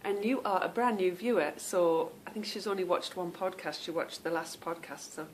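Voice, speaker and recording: A woman's voice: fairly low pitch, normal speed, a little hiss or hum. A woman hosting a knitting podcast, chatting casually to viewers, rambling off on tangents and stumbling over unfamiliar names.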